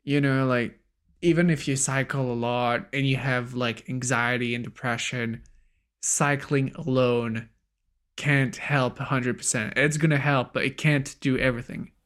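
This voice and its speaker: A man's voice: mid-range voice, steady tone, a little slow, fairly bright tone. A man with a French accent, a native French speaker, co-hosting a podcast in a casual way with many fillers. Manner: casual, lots of fillers like "like" and "you know". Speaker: podcast co-host.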